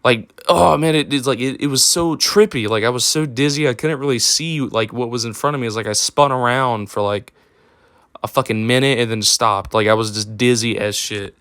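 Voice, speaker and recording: A man's voice: medium pitch, moderate pace, a bit bright, smooth, dry recording, studio quality. A young man telling a personal story in a casual, rambling way, with lots of fillers and swearing. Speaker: storytime vlogger.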